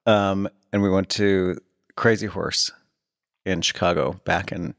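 A middle-aged man in casual chat, telling animated stories and swearing freely. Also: sits low, a little slow, creaky, no room sound, clean studio sound. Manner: animated storyteller, swears, acts out dialogue. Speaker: podcast co-host.

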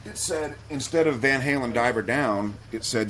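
A man's voice: medium pitch, normal speed, a bit bright, slight background noise. A man on a podcast as a guest, telling a personal story in a candid, heartfelt way that gets him choked up. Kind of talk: casual storytelling.

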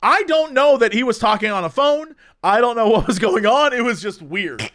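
A man's voice: very high voice, lively intonation, moderate pace, fairly bright tone. A man telling a funny story in a casual chat, laughing often and acting out the people he quotes. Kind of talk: casual anecdote.

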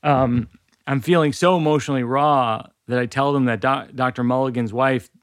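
A man's voice: medium pitch, fairly even intonation, normal speed, smooth, dry recording, studio quality. A man in his forties telling a personal story in a candid, wry, self-deprecating way. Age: 40s.

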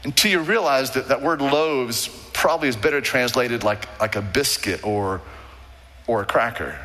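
A pastor delivers an earnest, emphatic sermon, his bright, forceful voice ringing through a big sanctuary with long reverb. He slows down and drops low to stress key words. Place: large church sanctuary.

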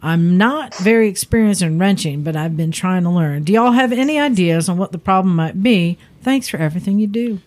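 A woman voicing a young male Texan rider's letter in a mild put-on Texan accent, reading slowly and earnestly. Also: fairly low pitch, expressive, a little mellow, lightly acted.

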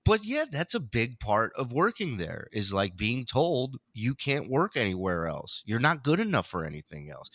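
A male podcast host who mocks his subject bluntly and swears freely. His voice sits at an ordinary middle pitch for a man. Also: sing-song, moderate pace, few pauses, a bit bright, no echo. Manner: blunt, profane, mocking. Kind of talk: casual podcast commentary.

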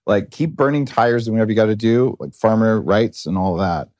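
Low-voiced man hosting a rambling chat. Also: expressive, fairly quick, a little mellow, no room sound, clean studio sound. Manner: rambling, tangential, self-interrupting. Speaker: podcast host. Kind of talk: casual interview chat.

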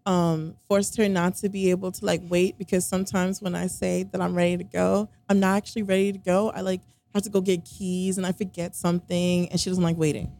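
A woman's voice: lowish voice, little pitch movement, fairly quick, gravelly, few pauses, darkish tone. A woman casually telling a personal story, rambling with lots of fillers and quoting what others said. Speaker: storyteller recounting a relationship. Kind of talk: casual conversation.

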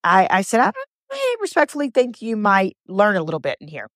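A woman's voice: medium pitch, wildly swooping pitch, fairly quick, fairly bright tone, no room sound, studio quality. A woman hosting her podcast alone, speaking, earnest and emotional, often stumbling and repeating words. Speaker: podcast host. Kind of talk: heartfelt solo podcast monologue.

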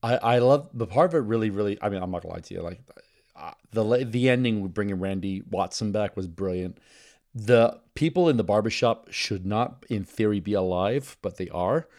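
A man's voice: on the low side, fairly quick, darkish tone. A man hosting a podcast, chatting casually and enthusiastically, rambling with many restarts. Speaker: podcast host. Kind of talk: casual chat.

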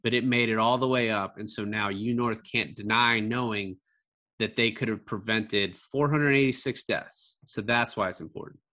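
A man casually talking through a film's plot and favorite scenes, animated and swearing for emphasis as he acts out lines. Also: fairly low pitch, moderate pace. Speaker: podcast co-host discussing a film. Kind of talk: casual conversation.

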